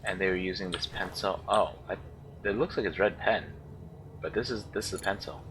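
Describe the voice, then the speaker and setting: A man's voice: sits low, brisk, background noise. A man giving casual let's-play commentary, thinking aloud and often unsure, musing over how to pronounce words.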